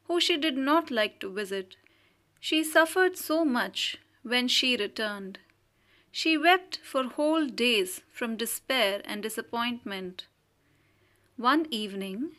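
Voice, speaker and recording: Woman narrating a story, fairly high voice. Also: bright, forceful tone. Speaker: audiobook reader. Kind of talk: scripted narration of a short story.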